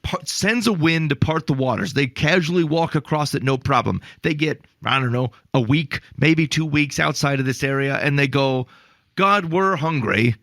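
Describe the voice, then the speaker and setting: Gravelly man, animated faith podcast co-host. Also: a little high, moderate pace, few pauses, no room sound. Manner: animated, storytelling with acted-out quotes and exasperated asides. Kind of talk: casual podcast chat on faith.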